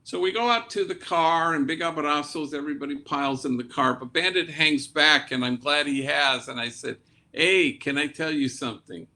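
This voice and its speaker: A man who is a priest, telling a moving story in a conversational way, with gentle humor and a sprinkling of Spanish slang. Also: on the high side, normal speed, hardly any pauses. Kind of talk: storytelling talk. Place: remote talk.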